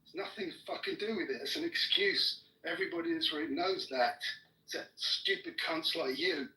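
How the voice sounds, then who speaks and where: A man's voice: fairly high pitch, a little fast. Furious swearing man in an echoey room. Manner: furious, swearing constantly, shouting down his opponent. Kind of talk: heated argument. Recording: echoey room, mic at a distance.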